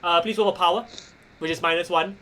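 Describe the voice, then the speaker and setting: A man running a tabletop wrestling game as game master, animated, laughing and swearing casually. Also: high-pitched, quick pace, a little hiss or hum.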